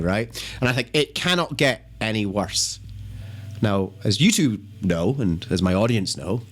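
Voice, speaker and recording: A man from Scotland, hosting a comedy quiz in a casual, rambling, animated way and swearing freely. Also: on the low side, unhurried. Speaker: quiz host.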